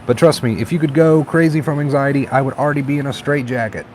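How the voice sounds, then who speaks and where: Reading viewers' comments aloud in a casual stream, this male host sounds easygoing and encouraging. He speaks fast in a mid-range voice, and traffic hums faintly outside.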